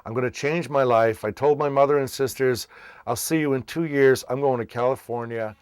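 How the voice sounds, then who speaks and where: A man's voice: medium pitch, moderate pace, clean tone. A man from Massachusetts, a children's entertainer, casually telling his life story and acting out the voices of people he met. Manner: animated, acts out quoted voices.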